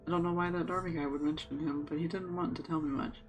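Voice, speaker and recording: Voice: medium pitch, fairly even intonation, fast, soft background music, close to an everyday voice, low-quality recording. A streamer reading a young girl's diary entries aloud in a light, earnest voice. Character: young girl, timid diary narrator.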